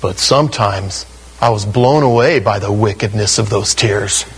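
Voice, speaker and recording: A man's voice: fairly low pitch, normal speed, slight background noise, poor audio. A middle-aged man preaching a sermon in a conversational way, acting out the quotes he tells. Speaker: pastor.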